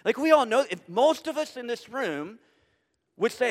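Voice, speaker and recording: A man's voice: extremely high pitch, lively intonation, normal speed. A man preaching a sermon as pastor to a congregation in a church, building his points through emphatic repetition and rhetorical questions. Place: church sanctuary before a congregation. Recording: long hall reverb.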